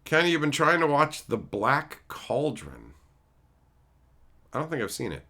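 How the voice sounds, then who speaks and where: A man streams live and chats casually with his viewers, his voice swinging up and down a lot. The tone is bright and forward, and he rambles, curses freely and gets animated as he goes. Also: fairly high pitch, measured pace. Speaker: streamer answering chat.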